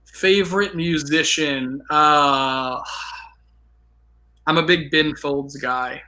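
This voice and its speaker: A man's voice: fairly high pitch, steady tone, slow, bright, forceful tone, no room sound, low-quality recording. A man being interviewed as a guest over a video call, explaining in a casual, conversational way. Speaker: guest, news producer. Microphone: computer mic on a video call.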